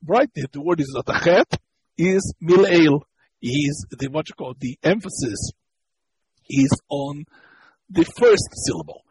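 A man's voice: on the high side, expressive, a little slow, husky, low-quality recording. A man teaching a lesson on Hebrew grammar. He explains step by step, repeats key points, and stops to search for words. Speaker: Torah teacher.

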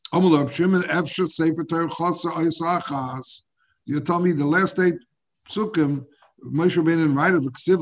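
Man, Talmud class teacher, slightly high voice, husky, halting, repeats words.

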